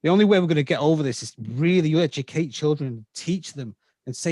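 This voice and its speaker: A man's voice: a little high, fairly quick, a little mellow, dry recording. A man in his fifties from England with a slight Scouse accent, a podcast guest explaining at length and checking in with his listener. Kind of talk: casual interview talk.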